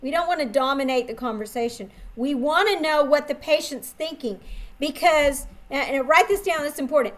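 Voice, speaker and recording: Woman trainer, high voice, animated seminar teaching, questions the room. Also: moderate pace. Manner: animated, instructive, asks the audience questions. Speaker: dental practice trainer. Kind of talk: live coaching seminar.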